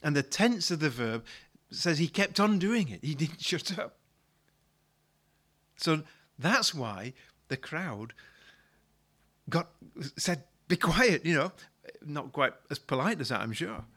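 A man's voice: fairly high pitch, big pitch swings, a little slow, fairly bright tone. A male pastor preaching a sermon, retelling a story in a conversational way and often repeating words as he restarts a thought.

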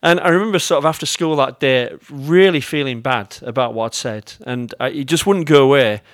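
A man's voice: mid-range voice, brisk, no room sound, clean studio sound. A man with an English accent preaching a sermon as pastor. He tells stories with self-mocking humour and talks directly to his congregation.

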